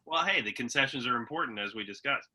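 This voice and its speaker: A man's voice: mid-range voice, animated, quick pace, background noise. A man co-hosting a podcast, chatting in an easygoing way with fillers and restarts. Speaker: podcast co-host. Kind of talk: casual chat.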